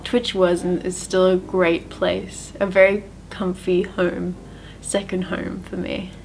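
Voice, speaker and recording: A woman's voice: on the low side, level tone, slow, vocal fry, darkish tone, a little hiss or hum. A woman, narrating her streaming career in a chatty, upbeat, self-deprecating way. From Australia. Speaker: streamer and YouTuber. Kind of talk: casual vlog narration.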